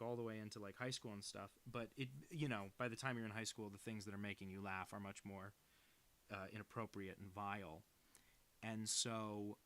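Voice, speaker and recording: A man's voice: lowish voice, a bit bright. A young adult man chatting casually and rambling, self-deprecating, while he draws on a stream. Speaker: cartoonist streaming. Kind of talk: casual chat while drawing.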